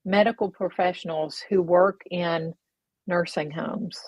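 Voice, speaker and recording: A woman's voice: fairly low pitch, fairly even intonation, a little slow, dry recording, low-quality recording. A woman co-hosting a casual faith talk show, speaking in an earnest, reflective way.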